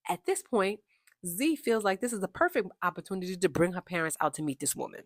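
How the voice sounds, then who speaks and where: A woman with a fairly low voice talks through a reality show episode in a loose, opinionated way. She throws in lively, chatty asides as she goes. The sound is close and dry, with no room around it. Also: fast, no echo. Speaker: reality TV recap host. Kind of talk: casual recap commentary.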